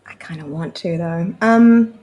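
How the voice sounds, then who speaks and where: A woman's voice: on the low side, a little slow, lo-fi sound. A woman playing a tabletop game, talking hesitantly with many fillers and false starts. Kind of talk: casual play.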